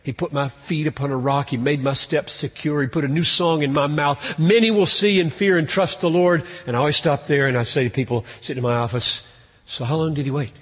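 A man preaching a sermon in an earnest way, rising in pitch and force on key points. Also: brisk, slightly rough, in a large hall. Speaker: pastor.

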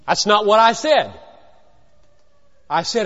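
High-voiced man preaching in an echoing hall. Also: very animated, unhurried, long pauses. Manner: emphatic, swings from hushed to loud; rhetorical questions and repetition. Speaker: pastor. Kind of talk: sermon. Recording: dull lo-fi recording in a long-reverb hall.

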